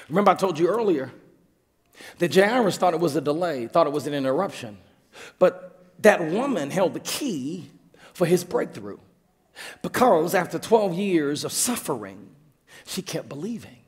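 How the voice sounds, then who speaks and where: A man's voice: a little high, lively intonation, normal speed, a little mellow. A man preaching a sermon as pastor, driving his point home with emphatic repetition and stammered restarts. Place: church auditorium. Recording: long reverb of a large hall.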